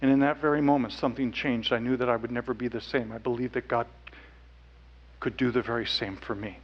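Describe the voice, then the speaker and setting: A man speaking on stage, telling a personal story earnestly, dropping to hushed tones at times. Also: mid-range voice, steady tone, a little fast, highs cut off. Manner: earnest, with quiet hushed stretches. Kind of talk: emotional storytelling talk.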